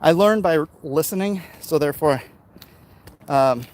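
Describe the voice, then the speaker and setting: A man's voice: on the high side, measured pace, a little mellow. A man hosting a casual livestream while walking outdoors, reading viewer comments aloud and chatting back, winded from the uphill climb. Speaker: livestream host. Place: outdoors on a city street. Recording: outdoor street noise behind.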